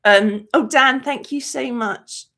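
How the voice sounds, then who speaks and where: A woman's voice: high-pitched, slow, sharp tone. A woman hosting a movie channel in a live-stream chat, talking emotionally and rambling with many fillers. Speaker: host of a movie review channel.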